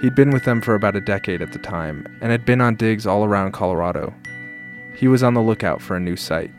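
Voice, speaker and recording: Lowish male podcast narrator. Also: fast, music in the background. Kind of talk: scripted narration.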